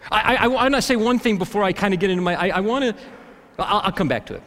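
A man delivers a sermon to his congregation, talking casually and then climbing to emphatic peaks. His voice sits high and moves very freely in pitch. The sound carries the long reverb of a church sanctuary. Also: expressive, quick pace, a bit bright. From Alabama, US South. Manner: conversational preaching, rises to emphatic peaks. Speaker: pastor.

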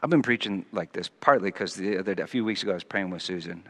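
A man preaching a sermon, swinging from quiet musing to loud, emphatic scripture reading. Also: sits low, fast talker. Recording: long hall reverb.

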